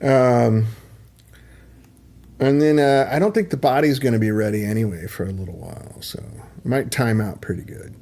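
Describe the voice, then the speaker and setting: A middle-aged man talks casually on his livestream, drifting from one aside to the next with plenty of ums. His voice is mellow and warm, sitting at an ordinary pitch for a man. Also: normal speed. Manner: rambling, chatty, many ums and asides. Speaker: livestream host.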